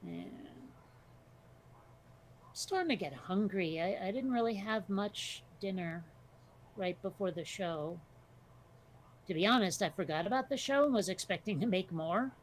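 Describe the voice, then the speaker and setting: A woman's voice: mid-range voice, lively intonation, a little slow, pauses often, a little hiss or hum. A woman co-hosting a casual podcast chat, talking bluntly, swearing freely and telling stories with energy. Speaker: podcast co-host.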